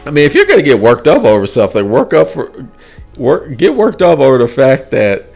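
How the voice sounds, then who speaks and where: A man in his forties talking casually as a host, laughing often and mimicking others in a mocking high voice. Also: very animated, a little fast, vocal fry, darkish tone, faint music behind. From United States. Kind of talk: casual chat.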